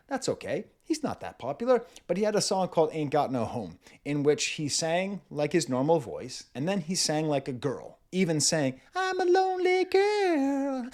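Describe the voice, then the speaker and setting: A man in his forties talks through a rap album with a lively, swooping delivery that sits a touch high. He is playful and keeps slipping into quick imitations of vocal styles, laughing along the way. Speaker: music reviewer. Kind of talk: casual music analysis.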